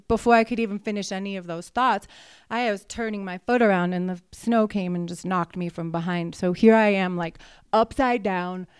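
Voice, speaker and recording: Woman guide telling her own story, lively and vivid, smooth clear voice, dry sound. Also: medium pitch, no room sound. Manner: animated, vivid, acts out her own thoughts. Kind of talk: personal storytelling.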